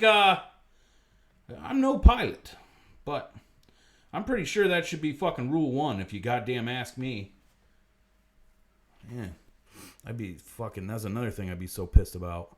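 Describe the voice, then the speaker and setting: Brief: man, profane comedy stream host, somewhat high voice, rants between mutters and bursts. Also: lively intonation, a little slow, long pauses. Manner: swearing constantly, ranting, swinging from mutters to loud outbursts. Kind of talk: profane comedic livestream monologue.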